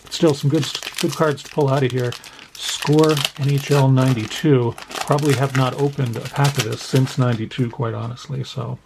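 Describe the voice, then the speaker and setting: A man's voice: mid-range voice, steady tone, normal speed, gravelly, noisy background. A man hosting a card collecting channel, chatting casually and self-deprecatingly as he opens packs and reads out the cards. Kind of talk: casual pack-opening commentary.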